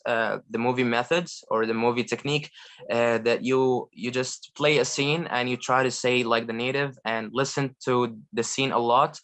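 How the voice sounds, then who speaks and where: A man from Egypt talks with eager, earnest energy on a live video chat. His pitch sits in the middle range, and he stops often with fillers and restarts sentences as he goes. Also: a bit bright. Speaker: guest language learner. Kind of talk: casual chat on a live call.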